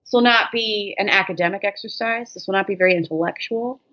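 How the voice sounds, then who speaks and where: Through a dull lo-fi recording, a fast-talking woman with a medium-pitched voice guests on a podcast. Chatting casually, she tells profane, jokey stories with lots of animation.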